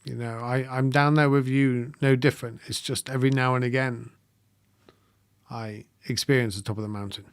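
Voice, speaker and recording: Soft-spoken man, hesitant and reflective. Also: mid-range voice, steady tone, smooth, no room sound, studio quality. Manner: soft-spoken, halting, with frequent ums and gentle laughs. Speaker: meditation livestream host. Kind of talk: live-streamed reflective talk, reading viewer comments.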